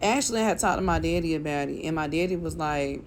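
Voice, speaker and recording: A woman's voice: low-pitched, fast talker, slight background noise. A woman vlogger telling a personal story in a casual, chatty way, acting out what other people said and filling her speech with "like" and "you know". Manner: many fillers like "like" and "you know".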